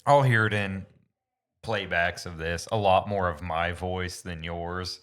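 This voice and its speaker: Brief: young Midwestern guy, very low voice, podcast co-host, jokey and loose. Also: fairly even intonation, a little slow, a bit bright. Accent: Midwestern American. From Indiana. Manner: joking, laughs often, swears casually. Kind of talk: casual podcast chat.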